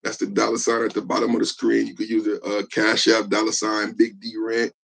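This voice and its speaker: A man's voice: on the low side, monotone, brisk, gravelly, a bit bright. A man hosting a live podcast, talking loosely and joking with viewers, tacking "man" onto his lines. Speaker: podcast host. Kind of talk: casual live-stream chat.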